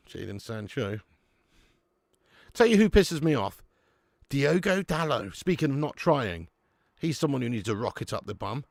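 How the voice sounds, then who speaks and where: Chatty laughing man, lively pitch. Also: creaky, dry recording, clean studio sound. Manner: chatty and laughing, swears freely, calls viewers mate. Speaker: football watch-along host. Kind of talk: live casual chat reading viewer comments.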